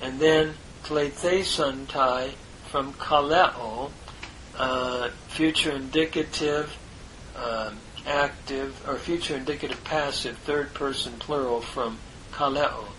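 A man teaching a verse-by-verse Greek lesson, parsing each word in a deliberate, halting way with many fillers. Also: medium pitch, fairly even intonation, fairly bright tone, slight background noise, poor audio. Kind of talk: slow parsing of a biblical text.

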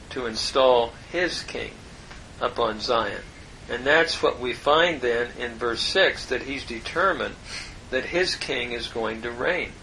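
Slow, bright-voiced man teaching Hebrew. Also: medium pitch, a little hiss or hum, low-quality recording. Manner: slow, deliberate, parsing word by word with pauses. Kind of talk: verse-by-verse Hebrew lesson.

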